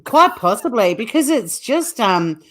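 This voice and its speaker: A woman, co-hosting a comedy news show and telling stories in a lively, teasing way. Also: fairly high pitch, unhurried. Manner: animated, teasing storyteller. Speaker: co-host. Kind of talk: casual comedic news chat.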